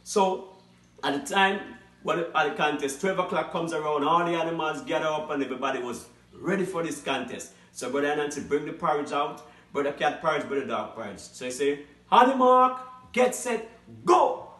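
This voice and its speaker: A man hosting his show, telling a folktale in a lively, animated way. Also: fairly high pitch, fairly quick. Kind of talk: holiday folktale storytelling. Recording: roomy echo, mic at a distance.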